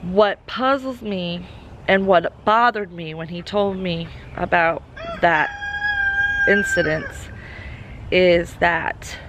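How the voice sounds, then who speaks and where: A woman's voice: fairly low pitch, slow, dull audio, noisy background. Worried Southern woman vlogging outdoors on her farm. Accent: Southern American. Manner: worried and musing, then doting baby talk to goats. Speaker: homesteading vlogger. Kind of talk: casual vlog talk to camera and animals. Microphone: camera mic on a tripod.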